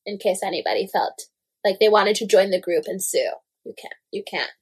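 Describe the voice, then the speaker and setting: A young woman in casual gossip chat, animated and full of "like" fillers, swearing freely. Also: medium pitch, brisk, husky.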